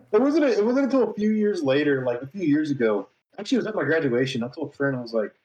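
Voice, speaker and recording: A man's voice: on the high side, big pitch swings, a little fast, a little mellow. Laughing, swearing storyteller man in an echoey room. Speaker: podcast co-host. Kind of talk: casual storytelling chat.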